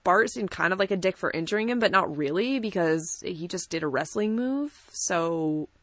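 A woman co-hosting a podcast in casual chat, animated and laughing often as she acts out quotes. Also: lowish voice, normal speed, dry recording. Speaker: podcast co-host. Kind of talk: casual chat about wrestling.

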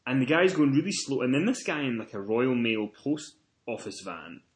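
With big pitch swings at a moderate pace, a mid-range Scottish-accented man hosts a casual wrestling podcast. He's a chatty storyteller who swears freely and acts out quotes.

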